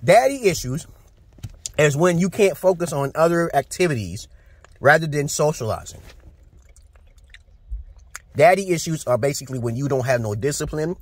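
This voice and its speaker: A man's voice: on the high side, expressive, normal speed, pauses often, husky. A man in his forties from Brooklyn with a New York accent, ranting bluntly and profanely in a casual, preachy vlog to his viewers. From Brooklyn, New York, USA. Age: 40s. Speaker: vlogger. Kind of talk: casual rant to camera.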